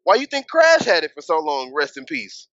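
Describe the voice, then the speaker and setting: A man co-hosting a wrestling podcast, talking in a casual, animated way and swearing, with his voice jumping high when he gets worked up. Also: moderate pace, no room sound, dull audio. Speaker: podcast co-host. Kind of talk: casual wrestling recap chat.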